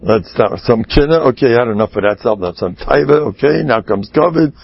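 A lively man spins comic tales in a husky voice, his pitch leaping as he imitates others. The recording is dull and lo-fi. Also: a little fast. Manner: animated, laughs at own stories, mimics people with rising voice. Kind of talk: humorous storytelling talk.

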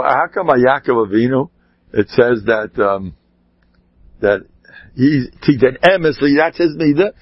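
A man tells Torah stories in a loose, rambling way, full of animated asides. His voice is husky. The recording is dry and dull, with a lo-fi sound. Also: medium pitch, dry recording. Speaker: rabbi giving a talk. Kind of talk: informal Torah talk with stories.

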